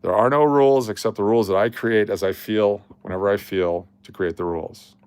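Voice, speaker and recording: A man with a somewhat low voice runs a casual livestream, chatting straight to his viewers. He is blunt and jokey and rambles as he reads the chat. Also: a little fast, a little mellow, clean tone, no echo. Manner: blunt, joking, rambling while reading the chat. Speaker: livestream host.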